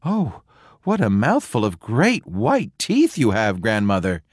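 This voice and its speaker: A man voicing a sweet, innocent little girl in a high, chirpy voice. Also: huge pitch swings, measured pace, dry recording, studio quality, exaggerated voice.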